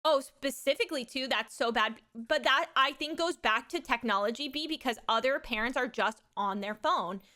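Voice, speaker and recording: A woman's voice: sits high, moderate pace, hardly any pauses, pushed and bright. A woman in her thirties chatting casually on a livestream, rambling frankly about raising her son and swearing freely. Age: 30s. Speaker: streamer and mother.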